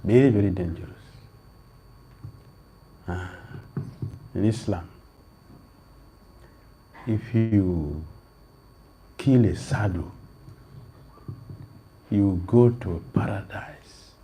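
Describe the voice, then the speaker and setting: Slow, emphatic preaching man with a husky voice. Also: lowish voice, dark tone. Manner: slow, emphatic, repeats phrases, rises sharply when quoting. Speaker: swami lecturing on scripture. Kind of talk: sermon.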